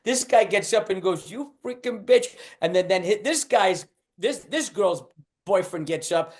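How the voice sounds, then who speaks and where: An older man, a stand-up comedian, telling a story about a club night in an animated way and acting out the people in it. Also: high-pitched, measured pace.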